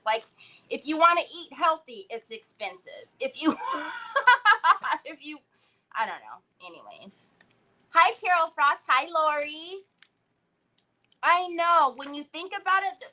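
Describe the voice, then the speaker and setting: A woman's voice: high voice, sharp tone. A woman hosting a crafting livestream, chatting casually and greeting viewers by name as she works.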